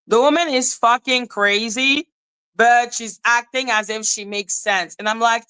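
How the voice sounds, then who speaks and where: A woman hosting a live podcast, ranting in an animated, profane way and laughing often. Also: a little high, unhurried, clean tone, rough recording. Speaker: podcast host.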